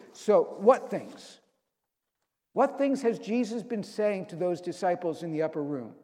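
A man's voice: sits high, dark tone. A middle-aged male pastor preaching a sermon in a church, earnest and conversational with frequent restarts. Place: church sanctuary. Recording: long church hall reverb.

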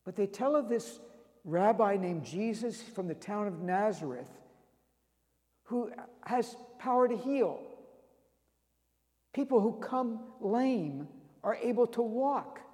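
A man preaching a dramatic sermon, retelling a story with swings between loud and hushed delivery. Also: high voice. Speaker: pastor. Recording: long reverb of a large hall.

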